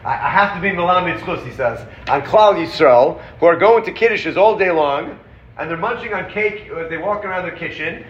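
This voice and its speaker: A man teaching a Torah class, animated and quick, acting out the sources he quotes. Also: high voice. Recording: roomy, dull audio with faint background noise.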